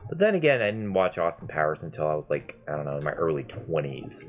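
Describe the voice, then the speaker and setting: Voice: extremely low pitch, very animated, quick pace, lo-fi sound, faint music behind. A gamer in their mid twenties giving chatty, self-mocking gameplay commentary and swearing freely. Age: mid 20s. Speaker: gaming video host.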